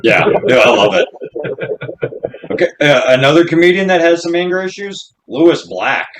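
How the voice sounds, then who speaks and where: A man's voice: a little high, sing-song, moderate pace, background noise. A man co-hosting a casual podcast chat, laid-back and cursing while he trades stories. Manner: laid-back, swearing, agreeable. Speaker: podcast co-host.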